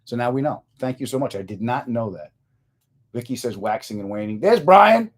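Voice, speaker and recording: Speaking at normal speed with a medium pitch, a middle-aged comedian hosts his own podcast as a relaxed live stream. He jokes with viewers and animatedly tells funny stories.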